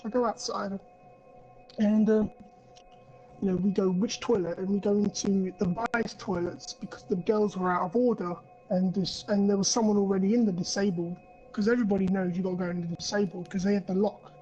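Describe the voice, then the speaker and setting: A man's voice: sits high, steady tone, brisk, darkish tone, highs cut off, faint music behind. A young man on a podcast, rambling through a crude story and swearing a lot. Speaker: podcast co-host. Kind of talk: casual chat.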